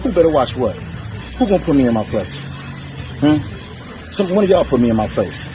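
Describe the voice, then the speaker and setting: A man's voice: fairly high pitch, big pitch swings, fairly quick. Profane, defiant man ranting over music. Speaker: challenger in a strength feud. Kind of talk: trash-talk rant to the camera. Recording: music playing under the voice.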